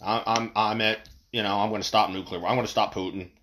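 A man putting on a mocking impression of a boastful older male politician, talking in rapid, grandiose self-praise. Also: on the low side, steady tone, a bit bright, slight background noise, lightly acted.

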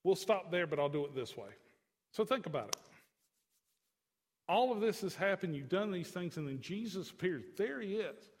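Male pastor, high-pitched, folksy and chatty from the pulpit, long hall echo. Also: expressive, normal speed, pauses often. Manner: folksy, chatty asides to the congregation. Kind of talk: conversational sermon. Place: church sanctuary.

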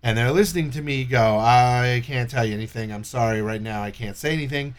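A man's voice: mid-range voice, a little fast, clean tone. A man telling a long story in casual chat, swearing a lot and acting out what people said. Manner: animated, swears a lot, acts out quoted voices. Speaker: storyteller guest.

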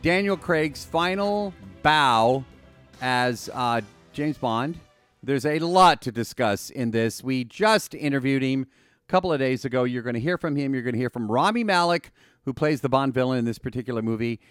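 A man hosting a podcast in casual chat, excitable, chatty and playful. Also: medium pitch, dry recording, clean studio sound. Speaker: podcast host.

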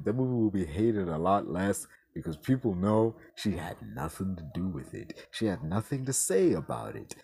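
A man's voice: deep voice, darkish tone. A man hosting a podcast, ranting with exasperated, sarcastic, profane commentary. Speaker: podcast host.

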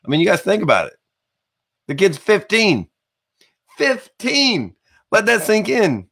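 A man's voice: high-pitched, sing-song, normal speed, vocal fry. Man, live-stream host, rambling, jokey, casual. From American South. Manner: chatty, rambling, jokey shout-outs. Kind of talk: live-stream show hosting.

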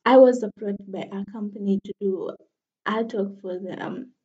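A woman's voice: mid-range voice, steady tone, unhurried, mellow, highs cut off. A woman in her twenties hosting her own podcast in casual solo chat, laughing often and poking fun at herself. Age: 20s. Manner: chatty, laughs often, self-deprecating. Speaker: podcast host.

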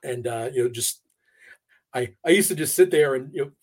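A man being interviewed on a podcast, telling a personal story in a casual, halting way with many fillers and restarts. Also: medium pitch, a little mellow, husky. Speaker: podcast guest. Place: New York area.

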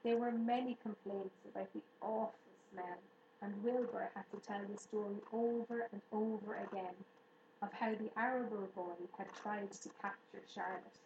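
A woman narrating an audiobook in a steady, even storytelling manner. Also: medium pitch, normal speed, lo-fi sound. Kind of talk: audiobook reading. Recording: roomy room echo, faint hiss.

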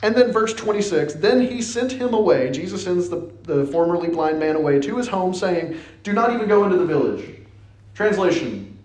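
A man delivers a casual, humorous sermon in a church sanctuary, his fairly high voice swinging up and down as he tells the story. He breaks into quick acted-out quotes and asides. The sound carries a roomy church echo. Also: animated, darkish tone. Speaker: preacher. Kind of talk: conversational sermon. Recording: echoey church hall.

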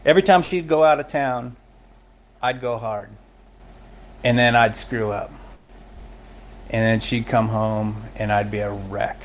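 A middle-aged man appears as a podcast guest, candidly and emotionally recounting his own recovery, often laughing along the way. His medium-pitched voice keeps a steady tone at a measured pace, with frequent pauses, as in a conversation.

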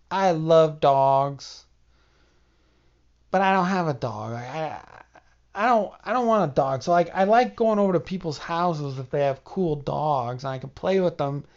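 A man with a slightly high voice hosts a podcast alone, brisk and animated, on lo-fi audio. Congested, he rambles with a wry, self-mocking streak and talks right to his listeners.

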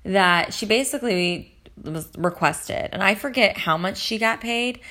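A woman's voice: mid-range voice, a little slow, pushed and bright. A woman in casual chat, recapping reality TV in a chatty, gossipy, rambling way, full of fillers. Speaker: reality TV commentator.

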